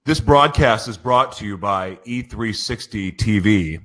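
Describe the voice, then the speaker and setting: A man's voice: lowish voice, animated, measured pace, a bit bright. A man hosting a live radio show, giddy and emotional, gushing thanks as he opens the broadcast from a studio.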